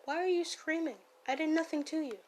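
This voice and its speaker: A woman giving silly commentary while playing a game, playfully yelling at the characters. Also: high-pitched, brisk, a little hiss or hum. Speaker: gamer.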